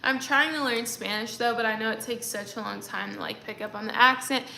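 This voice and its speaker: Bright, high-voiced young woman chatting. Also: steady tone, a little fast, creaky, slight background noise. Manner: rambling, chatty, many fillers. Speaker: livestreaming creator. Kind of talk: casual livestream chat. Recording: echoey room.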